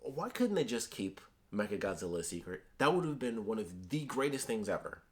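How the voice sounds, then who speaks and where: A man's voice: on the low side, big pitch swings, fairly quick. A man giving a casual, chatty movie review, talking animatedly with lots of filler words.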